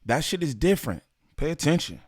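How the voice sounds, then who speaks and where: A man's voice: fairly high pitch, brisk, no echo, studio quality. Slangy man hosting a reaction video. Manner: animated, slangy, talks to viewers. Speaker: reaction channel host. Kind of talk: casual reaction commentary.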